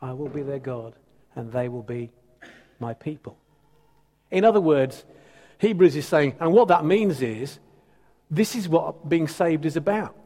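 A man's voice: a little high, expressive, unhurried, pauses often, mellow. A man preaching a sermon in a conversational, teasing, emphatic way. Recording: reverberant hall.

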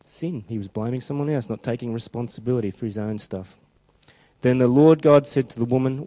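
A man preaching a chatty, informal sermon who slows down when reading scripture aloud. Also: mid-range voice, warm tone. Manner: conversational and chatty, slowing down for scripture quotes.

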